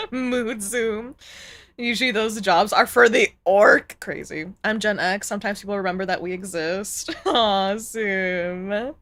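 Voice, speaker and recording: A woman streamer in casual live-stream chat, animated, groaning and laughing as she reacts to clips. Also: mid-range voice, slow.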